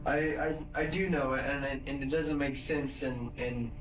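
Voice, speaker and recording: Stammering young man, flat and distant. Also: mid-range voice, moderate pace. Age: young adult. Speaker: murder suspect. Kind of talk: police interview recording. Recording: roomy distant recording with music.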